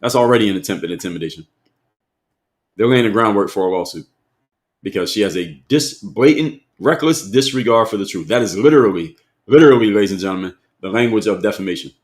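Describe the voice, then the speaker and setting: A man's voice: fairly low pitch, lively intonation, fast. A man hosting a live stream, talking straight to his chat in an emphatic way, repeating his points and asking viewers questions.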